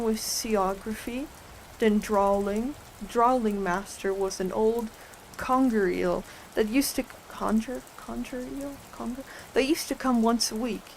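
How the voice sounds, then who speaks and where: A woman voicing a mournful, sighing male mock turtle in a storybook reading, drawing out her words slowly. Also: a little high, a little hiss or hum, rough recording.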